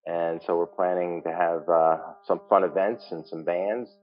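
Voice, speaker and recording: A man with a somewhat low voice answers interview questions in his own brewery taproom. He speaks calmly and steadily, often saying "you know" and "um". The sound is slightly muffled. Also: faint music behind. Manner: calm, measured, with frequent "you know" and "um". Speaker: brewery owner, guest.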